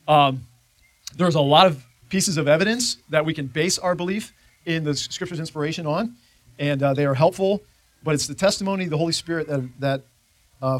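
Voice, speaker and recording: A man teaching a church Bible class with a fairly high voice. He talks in a conversational way and keeps checking that his listeners follow. The sound is dry and close, with little room echo.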